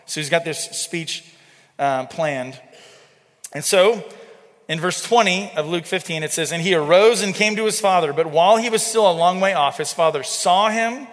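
A man's voice: on the high side, moderate pace, a bit bright. A man in his thirties preaching a sermon, conversational and often checking in with the congregation. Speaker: pastor. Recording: reverberant hall.

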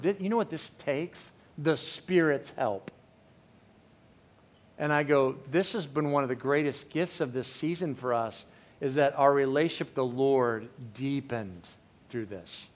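A middle-aged man preaching a sermon in a candid, conversational way, often restarting his sentences. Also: mid-range voice. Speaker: pastor.

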